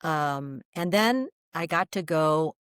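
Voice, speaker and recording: Animated older woman telling her story. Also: low-pitched, takes it slowly, smooth, no room sound, studio quality. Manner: animated, lively storyteller acting out quoted voices. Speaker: guest. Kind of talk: storytelling in an interview.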